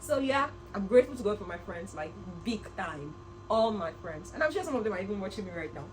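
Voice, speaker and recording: A young woman in her twenties, a vlogger telling a personal story to camera in an earnest, animated way. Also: mid-range voice, quick pace, poor audio. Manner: earnest, animated, with laughs and reenacted quotes.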